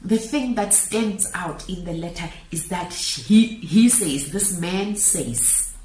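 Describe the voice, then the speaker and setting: A woman giving a slow, deliberate, reflective monologue, pausing often as she reads letters aloud. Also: fairly low pitch, lively intonation, dark tone. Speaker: motivational speaker. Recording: echoey room with faint background noise.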